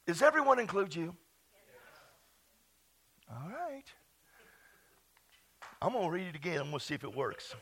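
Exuberant high-voiced preacher man. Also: very animated, moderate pace, pauses often, breathy edge. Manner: exuberant, whooping, shouts scripture, laughs at himself. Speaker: pastor. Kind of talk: lively sermon. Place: church.

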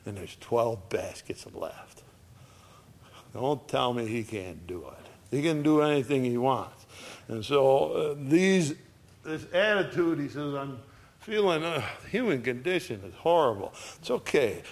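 A pastor delivers a sermon at an unhurried, folksy pace. He repeats phrases and raises his voice at the high points.

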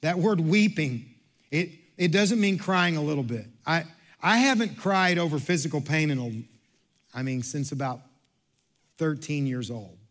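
A man with a high voice delivers a sermon to his church. He repeats phrases and restarts often. His delivery swings from hushed, low stretches to loud, rising passages. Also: unhurried. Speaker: pastor.

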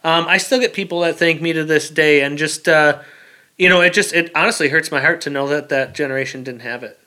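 A man speaks as a veteran guest in a relaxed interview, his voice bright, smooth and slightly high. He talks plainly, pausing on fillers and repeating words as he works through his thoughts. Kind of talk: casual interview conversation.

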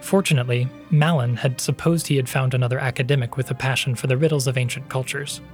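Man narrating in even, measured tones. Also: medium pitch, soft background music. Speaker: narrator and podcast host. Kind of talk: scripted audiobook narration.

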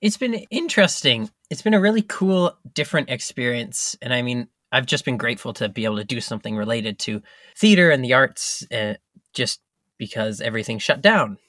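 A man's voice: medium pitch, animated, fairly quick, fairly bright tone, dry recording, studio quality. A young man, a guest actor, chatting casually in an easygoing way and laughing often. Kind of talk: casual interview chat.

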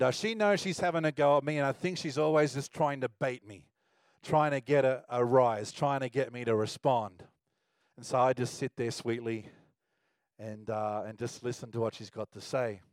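A man preaching a sermon, telling a personal story in a relaxed, conversational way. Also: mid-range voice, no echo. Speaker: pastor.

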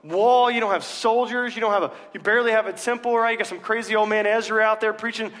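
A man's voice: high voice, fairly even intonation, fast talker, fairly bright tone, pitched above the performer's own voice. A male preacher voicing scornful enemy officials who jeer and taunt, in a hall with long reverb. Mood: mocking. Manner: mocking, taunting.

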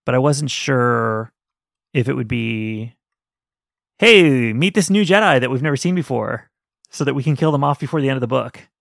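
Gravelly-voiced man, chatty podcast co-host. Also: mid-range voice, normal speed, no echo, studio quality. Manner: animated, rambling, laughs often. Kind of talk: casual book-review chat.

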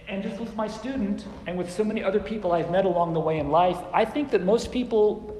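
A man's voice: high-pitched, a little fast, few pauses, darkish tone, slight background noise. A man preaching a sermon in a church, earnest and conversational, sharing anecdotes. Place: church sanctuary. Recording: echoey church hall with long reverb.

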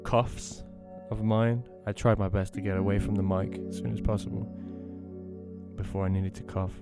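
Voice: deep voice, flat delivery, moderate pace, over loud music. A laid-back podcast host chatting casually in a rambling way with lots of fillers.

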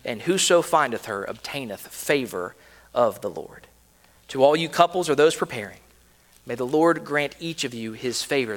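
A man preaching a sermon to a congregation in a church, earnest, rising and falling in pitch and loudness. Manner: earnest preaching, swells and drops in pitch and volume. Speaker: pastor. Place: church sanctuary. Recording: long reverb of a church hall.

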